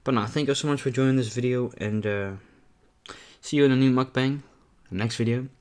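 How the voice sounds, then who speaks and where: Young guy doing a mukbang vlog, mid pitch, rambly and chill, keeps saying man. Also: fairly quick, a little mellow, clean tone. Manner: rambling and candid, says "man" a lot. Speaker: mukbang vlogger. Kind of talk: casual talk to camera while eating.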